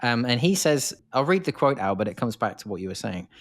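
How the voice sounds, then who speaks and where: A man with an English accent hosting a history film podcast, talking in a lively way and rising in pitch when he asks questions. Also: brisk, hardly any pauses. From England. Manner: animated, rises in pitch when asking questions. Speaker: podcast host. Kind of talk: casual podcast discussion.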